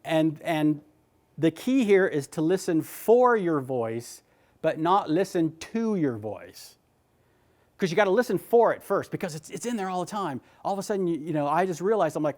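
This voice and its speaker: A man giving a motivational talk, animated and emphatic, often repeating his words. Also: fairly high pitch, moderate pace. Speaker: motivational speaker.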